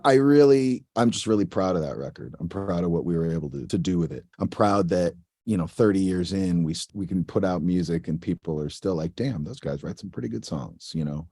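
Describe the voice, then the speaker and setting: Chill musician guy from the northeast, real low voice, jokey, swears easy, dry close sound. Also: brisk, dark tone, slightly rough, no echo. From northeastern United States. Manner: laid-back, joking, swears casually. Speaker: guest musician. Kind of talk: casual interview chat.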